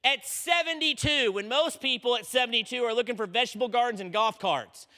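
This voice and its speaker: Lively guy preaching, high voice, really bright and sharp, echo of a big hall. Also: brisk. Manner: energetic, storytelling, often asks okay. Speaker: conference speaker. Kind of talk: sermon. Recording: long reverb in a large hall.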